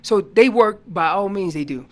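A man guest on a radio talk show, explaining elk calling in an animated storytelling way that gets loud on key points. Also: high voice, moderate pace. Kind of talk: casual radio interview.

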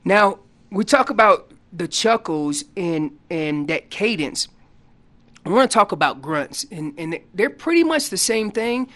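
An elk calling champion, appearing as a guest on a radio show, teaches listeners how to call in a loose, energetic way. He shifts between plain explanation and quick acted-out lines of what the animals say, his pitch jumping around and his grammar casual.

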